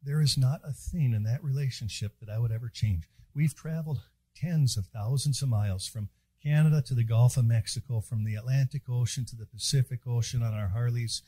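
Man, preacher, husky voice, dry close sound, folksy joking sermon. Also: medium pitch, fairly quick, dark tone, dry recording. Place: chapel.

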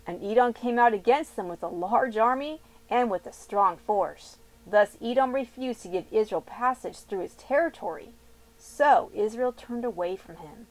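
A woman's voice: mid-range voice, moderate pace, no room sound, rough recording. Woman reading scripture with chatty asides. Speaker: Bible reader and commentator. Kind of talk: scripture reading with casual commentary.

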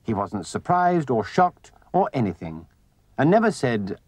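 A man narrating a children's storybook with gentle, expressive delivery. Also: lowish voice, normal speed, husky, no echo.

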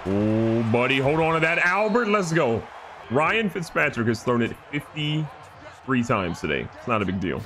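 A man giving excited, joking gameplay commentary as a gaming YouTuber. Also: mid-range voice, normal speed, a little hiss or hum. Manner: animated, joking, trash-talking.

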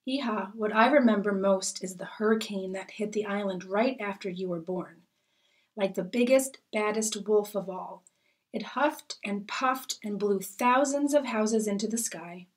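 A caring mother tells a dramatic memory in a reassuring way, as a woman reads her lines from a storybook. Her voice is mid-pitched. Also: a little slow, recorded from a distance, close to an everyday voice. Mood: earnest. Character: caring mother recalling a hurricane.

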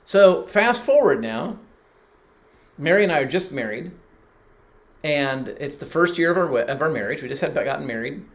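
A man's voice: on the high side, animated, moderate pace. A middle-aged man preaching, telling a personal story and acting out the people he quotes. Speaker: pastor. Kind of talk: sermon.

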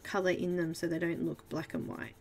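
Talking a little fast in a fairly low, level voice, this Australian woman hosts a live colouring stream with slight background noise behind her. She chats casually and giggles with viewers as she works on her piece.

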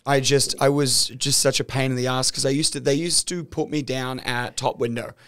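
A man's voice: mid-range voice, steady tone, moderate pace, fairly bright tone, smooth. A young Australian man, a comedian, telling self-mocking stories with swearing in casual podcast chat. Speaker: comedian guest.

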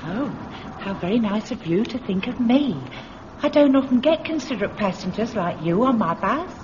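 A woman's voice: fairly high pitch, expressive, normal speed, lightly acted. A woman doing a sweet genteel bus conductress. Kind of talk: 1960s radio comedy acting. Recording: muffled old radio recording with hiss.

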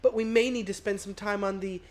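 A woman voicing a chatty, folksy middle-aged female tugboat pilot in a video game, with a slightly hoarse put-on voice. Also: medium pitch, steady tone, brisk, voice pushed up, close to an everyday voice. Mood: friendly.

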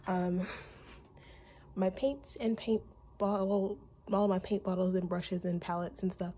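A woman's voice: mid-range voice, fairly even intonation, a little slow, dark tone, highs cut off. A young woman vlogger giving a casual, rambling tour of her bedroom, slightly out of breath. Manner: chatty, rambling with many ums.

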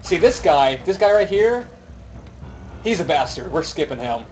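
A young man chatting casually while he streams a game, his voice sitting a little high. He jokes easily and drifts into a mock Scottish accent, with soft game music playing behind him. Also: very animated, a little slow, low-quality recording. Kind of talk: casual gaming stream chat.

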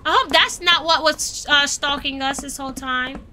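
A young adult woman streaming a game live, reacting with excited exclamations and chatting to her viewers. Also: high-pitched, normal speed, noisy background. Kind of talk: live gameplay commentary.

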